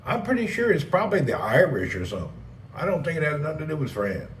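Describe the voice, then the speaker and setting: A man's voice: on the high side, big pitch swings, fast, slight background noise. A man hosting a casual live stream, rambling and joking as he reads and answers chat messages. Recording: roomy, distant mic with faint ambience.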